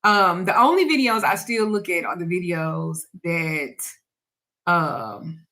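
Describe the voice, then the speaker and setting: A woman's voice: lowish voice, expressive, slow, bright, forceful tone. A woman who teaches spiritual practice and does readings, telling a personal story in casual, candid talk. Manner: candid and reflective, trails off with restarts.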